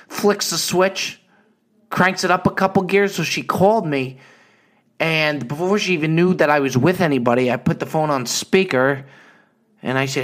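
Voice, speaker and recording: A man hosts a casual live podcast with a rambling, loose storytelling manner. His voice sits notably high for a man. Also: a bit bright. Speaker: podcast host.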